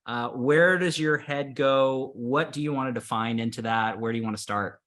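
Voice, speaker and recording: A man's voice: medium pitch, normal speed, fairly bright tone. A man hosting a webinar over a video call, introducing his guest and prompting him with questions. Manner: brief encouraging prompts. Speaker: webinar host.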